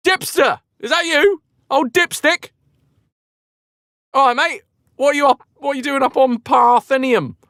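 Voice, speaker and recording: A man's voice: very high-pitched, unhurried, pauses often, fairly bright tone, dry recording, studio quality, pitched above the performer's own voice. A man voicing the god Pan as an overfamiliar, needy male figure in a comic retelling of an old story. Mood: chummy. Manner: overfamiliar, pleading.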